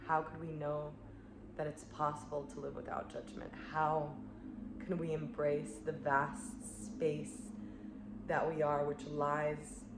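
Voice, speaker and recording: A woman spiritual coach speaking in an earnest, searching way, full of "like" and soft laughs, in a reflective monologue. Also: low voice, completely flat delivery, takes it slowly. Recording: echoey room with clear background noise.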